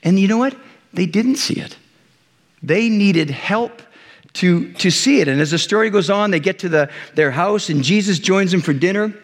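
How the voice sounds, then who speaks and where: High-voiced pastor in a reverberant hall. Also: male voice, moderate pace. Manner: conversational storytelling with lively voiced retellings. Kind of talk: sermon.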